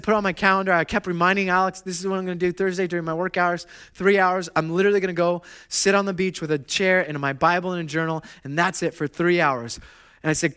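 Bright-voiced man preaching conversationally. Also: high voice. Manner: conversational, animated storytelling with self-deprecating asides. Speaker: pastor. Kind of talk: sermon.

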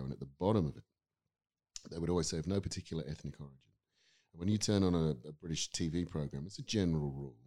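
Middle-aged guy with a really low voice, thinking out loud, lots of restarts, podcast chat. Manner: thoughtful, rambling with restarts. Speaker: guest, acting teacher. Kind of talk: casual podcast conversation.

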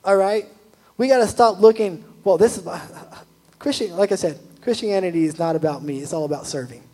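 Husky, chatty young man preaching. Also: high-pitched, a little fast, poor audio. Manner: chatty, animated, full of "like" asides. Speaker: youth pastor. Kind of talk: casual sermon.

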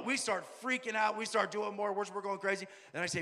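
A man preaching a sermon, telling a story and quoting people in a lowered voice. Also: fast, hardly any pauses, sharp tone. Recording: long hall reverb.

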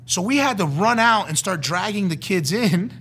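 A middle-aged former youth pastor telling his personal testimony in a lively storytelling way, acting out the voices of the people in the story. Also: sits high, moderate pace, husky.

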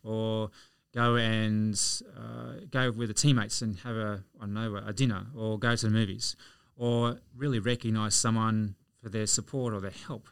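A man's voice: lowish voice, fairly even intonation, moderate pace, gravelly, few pauses, smooth, no echo. An Australian man, a podcast guest, telling anecdotes in a chatty way. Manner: chatty, anecdotal, chuckles through stories. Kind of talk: casual storytelling.

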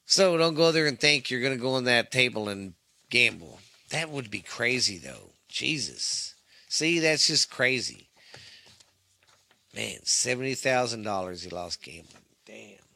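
A man's voice: mid-range voice, expressive, unhurried, gravelly, sharp tone. A man hosting a podcast, reading ghost stories with stumbles, tired and yawning, swearing in casual asides.

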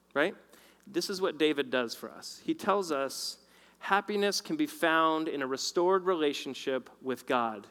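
Male pastor, sermon storytelling, loud then hushed, long hall reverb. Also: medium pitch. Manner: animated storyteller, shifts between loud and hushed.

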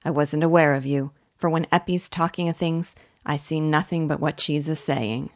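Gentle old village weaver, humble and soft-spoken, read by a woman in a low register. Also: steady tone, moderate pace, no echo, clean studio sound, natural voice. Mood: earnest. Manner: mild, plain country speech.

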